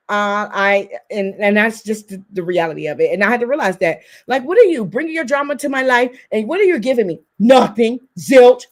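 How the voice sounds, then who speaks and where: A woman in her twenties co-hosting a couples podcast, telling her side in an emphatic, animated casual chat. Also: on the high side. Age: 20s. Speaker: podcast co-host.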